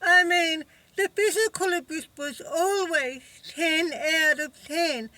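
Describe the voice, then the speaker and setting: A woman talking to camera in a personal vlog, halting and emotional, with many fillers. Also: very high voice, bright, forceful tone, no room sound. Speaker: vlogger. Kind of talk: personal recovery vlog monologue.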